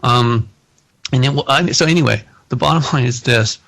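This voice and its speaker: Male host, gravelly and husky, animated storyteller who laughs a lot. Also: medium pitch, normal speed. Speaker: podcast host. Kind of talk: casual conversation.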